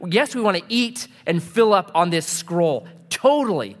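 A man's voice: sits high, big pitch swings, unhurried. A man preaching a sermon, telling a personal story and acting out the dialogue with laughs. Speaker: pastor. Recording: long hall reverb.

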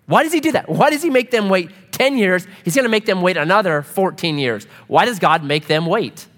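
A middle-aged man preaching a joking, animated sermon to a congregation. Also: high voice, fairly quick. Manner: animated, joking, acts out quoted voices. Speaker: pastor. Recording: reverberant hall.

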